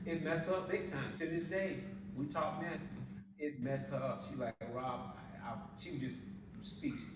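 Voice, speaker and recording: This fairly high-pitched man speaks at a normal speed, delivering a motivational sales talk as a business opportunity presenter. He tells stories casually and laughs a lot. Sound comes from a distant mic in an echoey event hall, with noise throughout.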